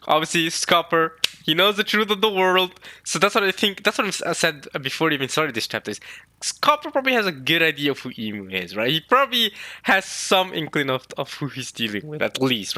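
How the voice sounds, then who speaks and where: A man's voice: fairly high pitch, sharp tone, no echo. A man casually reading and reacting to a comic chapter, rambling and chatty. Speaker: manga reaction host.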